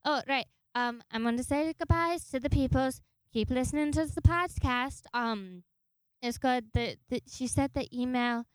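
A woman's voice: sits high, measured pace, clean tone, dry recording. A woman voicing a cheeky, defiant young female puppy who whines and talks back in a casual podcast bit. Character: sassy foul-mouthed young female puppy.

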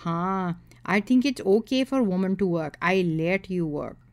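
A man's voice: high voice, lively intonation, unhurried, clean tone. A woman voicing a brash young Indian man with a thick accent and broken English, a presumptuous suitor. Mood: smug.

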